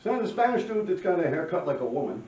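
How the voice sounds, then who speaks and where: A middle-aged man tells a street story in a casual, profane, animated way, often clearing his throat. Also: a little high, fast talker. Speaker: graffiti writer telling a story. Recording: roomy, distant, dull lo-fi mic.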